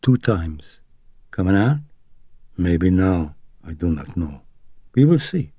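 A man voicing an older woman housekeeper who speaks halting, broken English. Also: low-pitched, sing-song, mellow, breathy edge, dry recording, clean studio sound, full character voice. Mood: earnest. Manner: halting, formal, broken phrasing.

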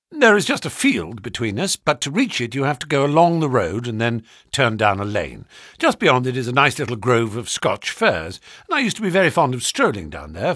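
A man narrating a classic story as an audiobook, reading in a highly expressive, dramatic way. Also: slightly rough, no echo, clean studio sound.

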